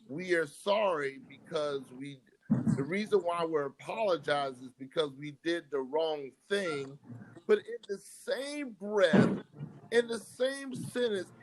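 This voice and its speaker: A man's voice: sits high, slight background noise, rough recording. A man co-hosting a sports podcast, ranting in exasperation and tripping over repeated words. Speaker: podcast co-host. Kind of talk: heated casual sports chat.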